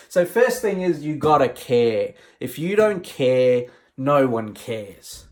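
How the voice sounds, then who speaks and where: A man, a professional speaker, giving an emphatic, conversational motivational talk. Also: mid-range voice.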